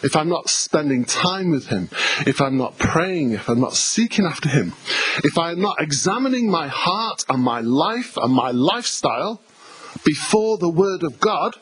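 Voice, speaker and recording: A man's voice: fairly high pitch, sing-song, measured pace, fairly bright tone, rough recording. Emphatic English male pastor preaching. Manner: emphatic, repetitive, conversational preaching with asides to the congregation. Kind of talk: sermon. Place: church hall.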